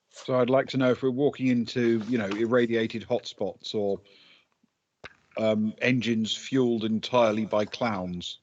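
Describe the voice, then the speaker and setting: A man taking part in a tabletop game, talking casually and dropping jokes. His voice comes through dull and lo-fi, like an online call. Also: medium pitch. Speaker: player. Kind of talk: casual chat.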